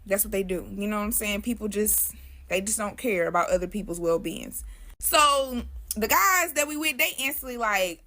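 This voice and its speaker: A woman's voice: medium pitch, lively intonation, moderate pace, sharp tone. A young adult woman telling a spooky story in a casual, slangy way, talking straight to her viewers.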